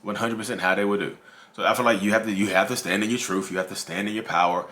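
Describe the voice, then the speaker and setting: This male YouTube host speaks about narcissism at a quick pace in a low-leaning, steady voice that sounds pushed and bright. Talking casually to camera on his channel, he goes over the same points again and refers to viewers as "y'all."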